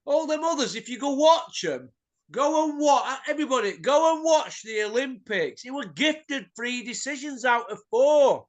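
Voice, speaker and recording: Man, middle-aged, high voice, blunt, heated, swearing. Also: expressive, moderate pace. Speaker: boxing pundit host. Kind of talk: opinionated ranting chat.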